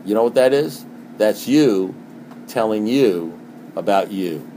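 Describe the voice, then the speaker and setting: A middle-aged man giving a talk at a recovery meeting, speaking in an animated, repetitive way and asking his listeners rhetorical questions. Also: lowish voice, slow, a little hiss or hum.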